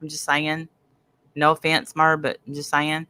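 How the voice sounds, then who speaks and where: A woman's voice: low-pitched, completely flat delivery, normal speed, sharp tone, smooth. A woman hosting a casual livestream, rambling and greeting viewers in chat. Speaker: host.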